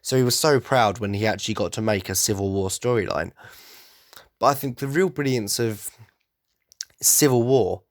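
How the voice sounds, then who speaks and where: A man's voice: fairly low pitch, normal speed, long pauses, no echo, clean studio sound. A man talking on his own podcast in a loose, rambling way, stumbling and restarting as his enthusiasm runs ahead of him. His voice sounds a bit blocked up and nasal from hay fever. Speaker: podcast host. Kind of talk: casual solo podcast monologue.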